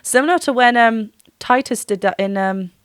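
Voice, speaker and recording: A woman's voice: a little high, normal speed, smooth, dry recording, studio quality. A woman working as a vocal coach, giving a gushing reaction and analysis with frequent laughs and short sung demo notes.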